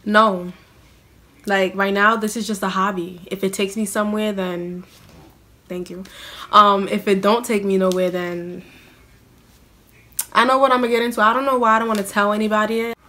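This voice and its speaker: A woman's voice: mid-range voice, fairly even intonation, normal speed, pauses often, sharp tone. A young woman, chatting in a casual question-and-answer vlog. She is self-mocking and scatters "like" through her talk. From New York City. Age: young adult. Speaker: vlogger.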